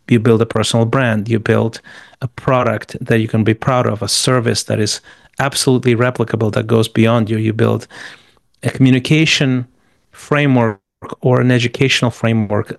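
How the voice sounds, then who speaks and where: A man's voice: mid-range voice, vocal fry, no room sound. A man answering interview questions with motivational business advice, emphatic and repeating words as he rattles off lists. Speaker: guest.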